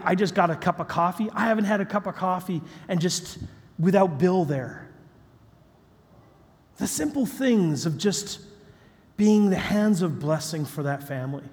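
A male pastor telling a story in a sermon, animated, acting out the voices of the people in it. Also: on the high side. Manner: animated, acts out quoted voices. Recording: long hall reverb.

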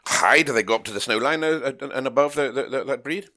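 A man's voice: medium pitch, fast talker, bright, forceful tone. A man interviewing a farmer, curious, asking follow-up questions in a casual way.

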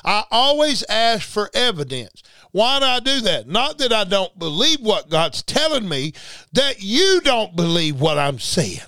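Male preacher, clear, smooth high voice; emphatic, repeats himself, addresses the audience directly. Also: big pitch swings, a little slow, pushed and bright, no room sound. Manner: emphatic and repetitive, talking straight to listeners. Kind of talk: livestreamed sermon.

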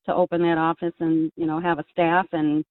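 A woman's voice: low voice, level tone, brisk, dry recording. Woman, caller, earnest, rambling, tinny dry phone line. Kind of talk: casual call-in chat.

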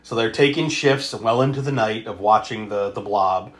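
A man's voice: on the low side, moderate pace. A man co-hosting a podcast, recapping a movie in casual chat, laughing often, swearing freely and acting out the characters' lines. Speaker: podcast co-host.

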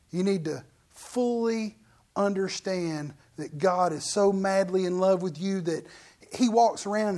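A man's voice: sits high, darkish tone. A middle-aged man preaching a sermon as pastor, in a folksy, joking, conversational way.

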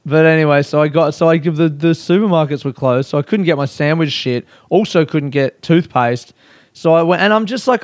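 A man's voice: a little high, normal speed, no room sound, studio quality. A young Australian man doing a rambling, profane, self-mocking comic monologue in casual chat. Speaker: comedian.

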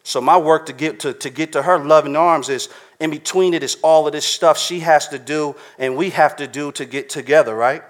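A man's voice: fairly high pitch, normal speed, hardly any pauses. Man preaching in casual slang. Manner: casual street slang, conversational, keeps checking in with the listeners. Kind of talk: sermon.

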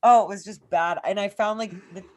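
Speaking fairly quickly in a mid-range, slightly mellow voice, a woman in her thirties from Massachusetts co-hosts a podcast. Her long personal anecdote is casual and profane, meandering, and full of "like".

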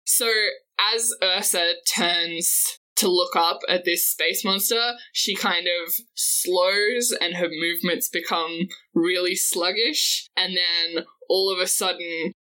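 A woman's voice: on the low side, bright, forceful tone, low-quality recording. A woman playing a tabletop game, thoughtfully narrating her character's actions. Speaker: player. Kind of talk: tabletop role-play.

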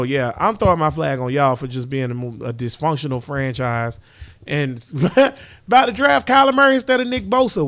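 A man hosting a loose sports podcast, trash-talking teams in a brash, teasing way. His voice sits fairly high for a man. The recording is dry and close. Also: a bit bright, no echo. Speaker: podcast host. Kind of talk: casual sports chat.

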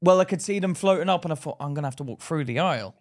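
Lively man telling sweary stories. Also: fairly high pitch, very fast. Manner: swears a lot, tells stories with quoted thoughts. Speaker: podcast co-host. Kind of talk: casual chat.

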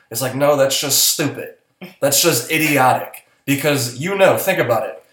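A man's voice: mid-range voice, moderate pace, fairly bright tone, roomy sound. A man co-hosting a casual podcast, talking in an earnest, coaching way and speaking bluntly, with the odd swear word. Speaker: podcast co-host.

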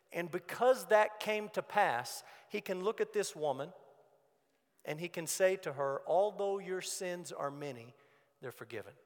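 Earnest preaching man in a reverberant hall. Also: fairly high pitch. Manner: earnest, conversational preaching with acted quotes. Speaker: pastor. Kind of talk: sermon. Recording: long church hall reverb.

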